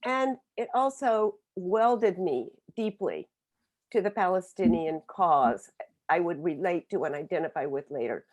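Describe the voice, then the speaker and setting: A woman in her seventies from Oklahoma, telling her life story as a book author on a webinar in an earnest, reflective way, pausing and restarting often. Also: lowish voice, expressive, a little mellow. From Oklahoma, USA. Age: 70s. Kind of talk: personal storytelling. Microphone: video call.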